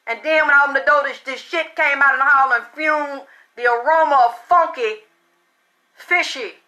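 A middle-aged woman with a high, sharp, bright voice tells a crude story about her son. She talks bluntly and heatedly, and now and then her voice jumps into shouting. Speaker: mother telling a story. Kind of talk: profane storytelling.

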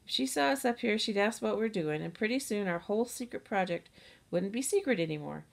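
A woman's voice: mid-range voice, lively intonation, a little fast, creaky. A woman voicing a bossy young schoolgirl who leads a secret club, reading eagerly from a storybook. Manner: eager, commanding.

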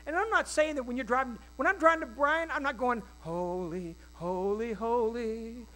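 A male pastor preaching a sermon in a folksy, animated way, with quick asides and acted-out quotes. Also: very high-pitched, faint music behind, rough recording. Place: church.

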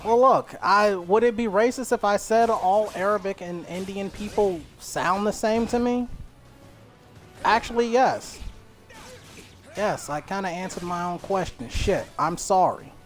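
A man's voice: high-pitched, measured pace, soft background music. A man streaming a story game, chatting casually with joking, apologetic banter. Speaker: gaming streamer.

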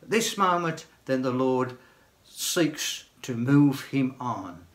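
An older man, a church elder, preaching a sermon in a slow, gentle way and dropping to a hush on key phrases. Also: mid-range voice, animated.

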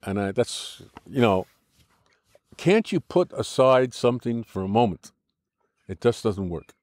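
A man's voice: mid-range voice, big pitch swings, measured pace, a little mellow, dry recording, clean studio sound. An older American-born man with an American accent, giving an interview in an argumentative, lecturing way, restarting sentences often. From United States. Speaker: interview guest.

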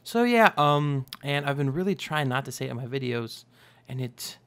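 A man's voice: medium pitch, steady tone, a little fast, vocal fry, a bit bright. Rambling young man playing a game. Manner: rambling, self-correcting, jokey. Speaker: gaming YouTuber. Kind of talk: casual Minecraft let's play commentary.

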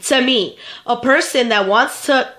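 A woman's voice: fairly high pitch, measured pace, a bit bright. Stuffy-nosed young woman giving chatty advice. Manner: chatty, repeats herself, talks straight to viewers. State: stuffed up, getting sick. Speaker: vlogger answering viewer questions. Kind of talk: casual advice vlog.

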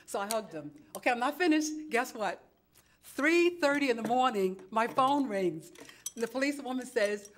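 A woman's voice: a little high, expressive, fairly quick, a little hiss or hum. A woman from New York giving a chatty, dramatic public comment at a city council meeting, acting out both sides of each conversation. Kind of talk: animated storytelling at a council meeting. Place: council chambers.

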